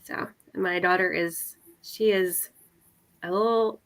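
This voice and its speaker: Young woman chatting on a call, bright voice, bit of vocal fry, lots of "like" and laughs. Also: on the low side, steady tone, slow. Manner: chatty, many fillers and laughs. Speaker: readathon participant. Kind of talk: casual video-call chat.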